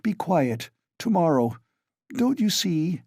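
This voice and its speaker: A timid middle-aged mother, fretful and pleading, her voice lifted high and wavering, as a male narrator puts her on. The tone stays dark and mellow, with lively rises and falls. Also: slow, dry recording, studio quality, heavily acted. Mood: anxious.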